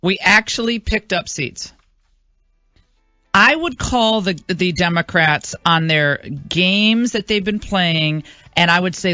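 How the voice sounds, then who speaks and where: A woman hosts a talk radio show with a bright, forceful voice. She talks in a chatty, emphatic way, full of fillers. The sound is dry and a little muffled. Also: on the low side, lively intonation, measured pace, no room sound, faint music behind. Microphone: studio microphone.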